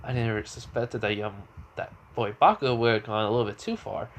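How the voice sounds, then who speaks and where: A man voicing an elderly woman who works as a school nurse, brisk and fussing, in an improvised spoken fan story. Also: fairly low pitch, slight background noise, natural voice.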